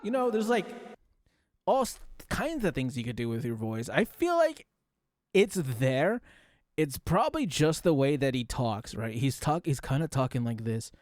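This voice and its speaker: A man's voice: fairly high pitch, huge pitch swings, a little slow, darkish tone, no room sound, studio quality. A man streaming a casual reaction commentary, rambling and talking straight to his chat while demonstrating voice tricks.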